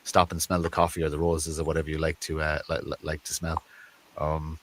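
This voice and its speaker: Deep-voiced Irish man musing aloud. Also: completely flat delivery, a little fast. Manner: reflective, stumbles and repeats words as he thinks. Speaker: guest. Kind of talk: conversational interview.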